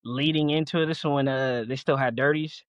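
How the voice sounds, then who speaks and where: A relaxed young man recalls old nights with friends, chuckling as he goes. His voice is in a middle range and sits close and dry on the mic. He talks in a loose, easygoing way. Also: mid-range voice, fairly quick, no echo, dull audio. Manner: laid-back, laughs through his stories. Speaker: podcast guest. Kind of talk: casual storytelling chat.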